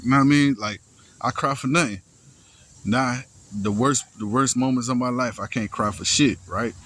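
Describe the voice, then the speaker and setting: A young man telling a personal story in casual first person, halting and slangy, full of restarts, sighs and profanity. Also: medium pitch, a bit bright, a little hiss or hum, poor audio.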